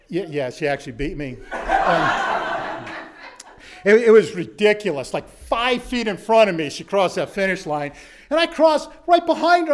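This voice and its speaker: A middle-aged man giving a storytelling speech to an audience, dramatic, dropping to a hush and then rising to shouts. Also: high-pitched, very animated, normal speed. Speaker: motivational speaker.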